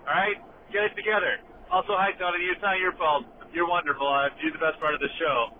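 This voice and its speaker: A man calling in from his car, ranting loudly and swearing in a comic voice message. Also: a little high, steady tone, fast. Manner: loud, brash, swearing. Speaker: caller leaving a voice message. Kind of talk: profane comic rant. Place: driving in a car. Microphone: phone. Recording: tinny phone line with car noise.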